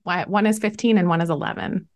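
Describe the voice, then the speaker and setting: A woman's voice: lowish voice, fairly even intonation, fast talker. A woman hosting a podcast interview, chatting casually and responding with enthusiastic, affirming remarks. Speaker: podcast host.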